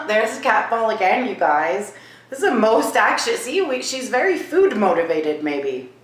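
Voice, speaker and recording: A woman vlogging in her home kitchen. She asks a spirit hushed questions and turns to viewers with excited asides. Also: a little high, a little slow, echoey room, low-quality recording. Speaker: vlogger host. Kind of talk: casual paranormal vlog.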